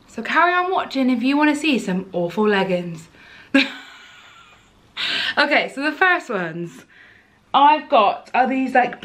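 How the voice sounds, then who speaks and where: A woman's voice: high-pitched, fairly bright tone. A young woman chatting casually to camera in a try-on haul, outspoken and exasperated. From United Kingdom. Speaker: fashion vlogger.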